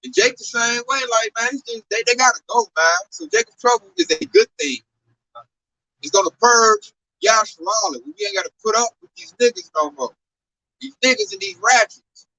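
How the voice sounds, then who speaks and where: High-voiced guy preaching casual, keeps saying man, kinda far from the mic with light hiss. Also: very animated, moderate pace, creaky, bright, forceful tone. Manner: emphatic and repetitive, keeps tacking on "man". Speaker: religious teacher. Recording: distant mic with faint noise.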